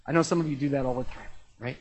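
A man preaching a sermon in a conversational, animated way, with sudden jumps in pitch and loudness. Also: very fast, slight background noise, low-quality recording. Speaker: pastor.

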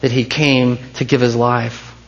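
A man preaching a sermon as pastor, swinging between hushed intensity and rising passion. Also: medium pitch, flat delivery, unhurried, creaky, muffled recording.

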